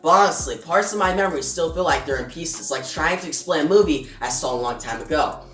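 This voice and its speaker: A shaken but brave young hero from a comic book, spoken plainly, as a low-voiced woman reads him out. The voice is distant with room echo. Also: animated, fast, a bit bright, soft background music. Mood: uneasy.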